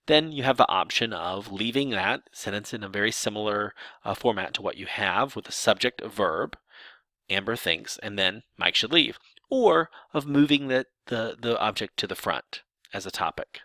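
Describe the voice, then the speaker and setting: A man's voice: fairly low pitch, normal speed, no echo. A man teaching sign language grammar, explaining examples step by step with some restarts. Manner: lively explanatory delivery with restarts.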